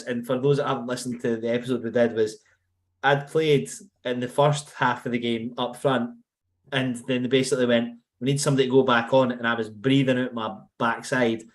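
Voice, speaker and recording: A man co-hosts a relaxed podcast, reading out listener questions. His voice sits in an ordinary middle pitch. He pokes fun at himself with dry, cheeky banter. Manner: joking, self-deprecating banter. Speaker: podcast co-host. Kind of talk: casual podcast chat.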